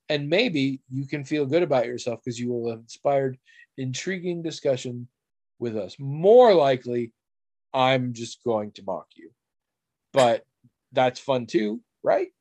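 A man hosting a casual podcast chat, his voice sitting at an ordinary middle pitch. He teases and mocks with a sardonic edge and drops the odd curse. The recording is dry, with no room sound. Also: unhurried, darkish tone, dry recording. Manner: sardonic, teasing, swears casually. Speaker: podcast co-host.

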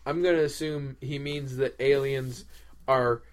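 Deadpan joking male podcast host. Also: mid-range voice, a little slow, crowd noise. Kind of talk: casual chat.

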